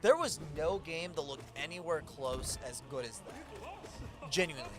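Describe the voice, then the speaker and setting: A young man chatting casually over a gameplay video, excitable, swearing and laughing often. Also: on the high side, unhurried, soft background music. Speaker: co-host watching a gameplay playthrough. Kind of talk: casual gaming chat.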